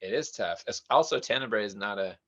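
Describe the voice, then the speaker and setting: A man's voice: fairly low pitch, expressive, brisk, bright, forceful tone. A man who is a guest on a podcast, chatting casually and answering briefly in a laid-back way. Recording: dull lo-fi audio.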